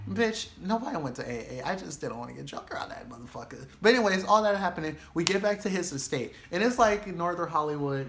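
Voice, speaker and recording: A man's voice: on the high side, slight background noise. A young man vlogging a storytime, talking casually and profanely, acting out the people in his story. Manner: animated, profane storytelling with acted quotes. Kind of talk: storytime vlog.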